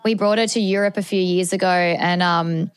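A woman's voice: on the low side, steady tone, moderate pace, clean tone, no echo. Chatty young Australian woman, dry sound. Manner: chatty, many "like" fillers. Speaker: podcast co-host. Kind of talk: casual podcast chat.

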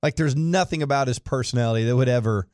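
A man hosting a sports talk radio show, moving briskly from topic to topic and introducing a guest. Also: medium pitch, darkish tone, dry recording, studio quality. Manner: brisk, smooth segment transitions. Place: radio studio.

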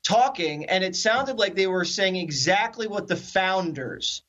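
A man from the Philadelphia area telling stories as a guest in a conversational interview, animated and acting out the quotes. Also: sits high, a little slow, lo-fi sound. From Philadelphia area, USA. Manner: animated storyteller, acts out quotes.

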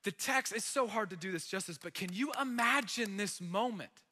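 A man preaching in a large church hall, his voice high and strikingly bright. He tells the story in an animated, conversational way, leaning hard on dramatic moments, while a long reverb trails after each phrase. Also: moderate pace, slight background noise. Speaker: pastor. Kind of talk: sermon.

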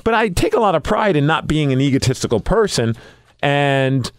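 A young man co-hosting a podcast, telling stories in a blunt, exasperated, animated way. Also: a little high, normal speed, dry recording. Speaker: podcast co-host. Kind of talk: casual studio chat. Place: radio station studio.

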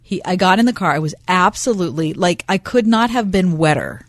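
A woman's voice: fairly low pitch, lively intonation, brisk, dry recording. A woman co-hosting a radio show, trading casual banter and telling stories with a teasing wit. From Pittsburgh. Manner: chatty, storytelling, teasing.

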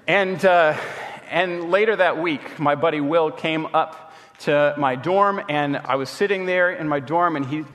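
A man's voice: on the high side, unhurried, fairly bright tone. Storytelling preacher man in reverb. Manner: conversational storytelling, acting out quoted friends. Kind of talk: sermon with personal stories. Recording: long reverb.

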